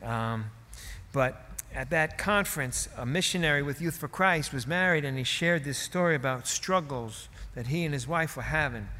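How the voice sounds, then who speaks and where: A man's voice: a little high, normal speed, sharp tone, in a large hall. A male preacher telling a story in a sermon, in a conversational, folksy way with asides.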